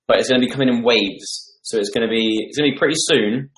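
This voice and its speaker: The host, a man in his twenties, speaks quickly with a medium-pitched, slightly bright voice. He casually rambles through comments during a home livestream on a desk mic, and the audio sounds roomy.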